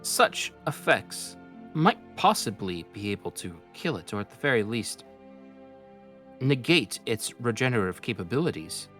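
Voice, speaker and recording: A man voicing an ancient, sage-like magic orb that speaks in formal, archaic, measured phrases. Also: mid-range voice, very animated, fairly bright tone, faint music behind. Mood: solemn.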